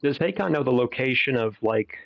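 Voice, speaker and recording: A man's voice: mid-range voice, lively intonation, brisk, gravelly, dry recording, dull audio, soft background music. A man playing a tabletop game, speaking casually and hesitantly. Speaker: player.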